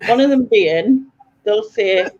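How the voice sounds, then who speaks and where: A woman's voice: mid-range voice, lively intonation, slow, darkish tone, dull audio. A British woman chatting as a guest on a livestream, easygoing and giggly. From England. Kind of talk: casual livestream chat.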